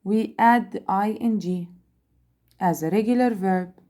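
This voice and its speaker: A woman teaching an English grammar lesson, speaking slowly, repeating words and spelling out letters. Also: mid-range voice, mellow. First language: Arabic. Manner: slow, repeats and spells out letters, switches into Arabic to explain.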